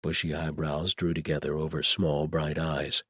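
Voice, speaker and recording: Deep, husky male audiobook narrator. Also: flat delivery, moderate pace, a bit bright, dry recording, clean studio sound.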